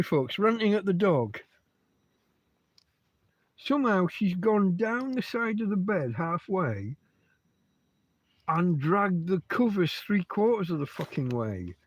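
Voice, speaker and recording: A man's voice: sits high, no room sound. A man hosting a casual livestream from his bed at home, rambling and swearing freely as he chats. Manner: heavy swearing, rambling asides. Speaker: livestream host.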